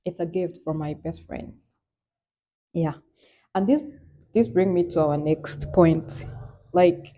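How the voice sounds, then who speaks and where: Earnest Nigerian woman vlogger, low voice. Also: fairly even intonation, takes it slowly, long pauses, muffled recording, a little hiss or hum. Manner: earnest, emphatic, repeats "trust me". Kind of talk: candid personal vlog talk.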